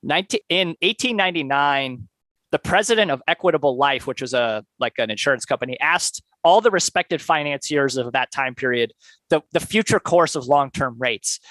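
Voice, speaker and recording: A man's voice: a little high, lively intonation, moderate pace, sharp tone, dry recording. A man co-hosting a podcast, casually summarizing a book in a loose conversational way, with many filler words. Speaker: podcast co-host.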